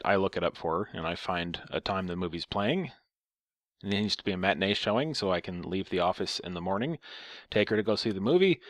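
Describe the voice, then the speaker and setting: A man's voice: fairly low pitch, a bit bright, no room sound, clean studio sound. Sarcastic man ranting through a story. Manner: sarcastic, profane, rambling. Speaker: storyteller vlogger. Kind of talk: casual storytelling.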